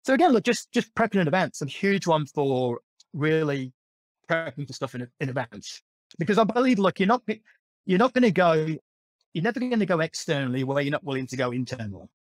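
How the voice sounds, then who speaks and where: Guest: man, lively storyteller who laughs a lot, dry close sound. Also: a little high, fairly quick, no echo. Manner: animated, laughs often, many restarts. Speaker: podcast guest. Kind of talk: storytelling in a casual conversation.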